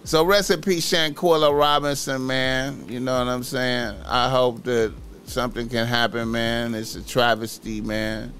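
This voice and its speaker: A man's voice: medium pitch, fairly even intonation, a little slow, hardly any pauses, a bit bright, slight background noise. A man talking casually on a livestream, rambling, repeating filler words and swearing freely.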